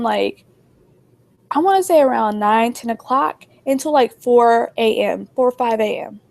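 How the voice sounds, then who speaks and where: A woman's voice: medium pitch, vocal fry. A young woman telling a story in casual chat, animatedly acting out what everyone said. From New Jersey. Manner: animated, acts out dialogue.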